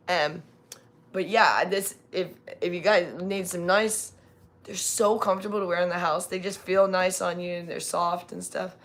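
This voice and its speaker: A woman's voice: on the low side, flat delivery, moderate pace, a bit bright. A woman from California chatting casually on a live stream, rambling with many fillers and restarts. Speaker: livestream host.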